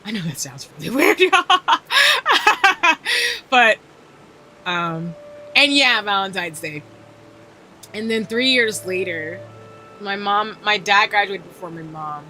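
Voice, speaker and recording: A woman's voice: medium pitch, animated, measured pace, pauses often, pushed and bright, a little hiss or hum. A woman streamer chatting casually while gaming, telling a rambling story and laughing often, on a desk microphone.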